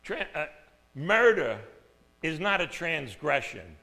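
A man preaching a conversational sermon, dropping to soft asides and then rising to loud, emphatic lines of scripture. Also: mid-range voice, big pitch swings, measured pace, vocal fry.

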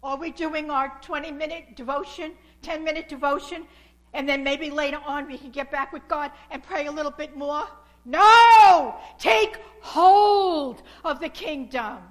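A woman's voice: sits high, flat delivery, normal speed, a bit bright. A middle-aged woman preaching a sermon, fervent and pleading, repeating her lines.

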